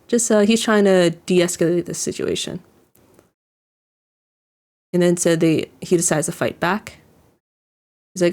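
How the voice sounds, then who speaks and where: A woman's voice: fairly low pitch, expressive, moderate pace, pauses often, a little mellow. A woman giving casual reaction commentary on an anime episode, rambling with lots of fillers and restarts. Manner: rambling, lots of "like" and restarts, chuckles while describing scenes.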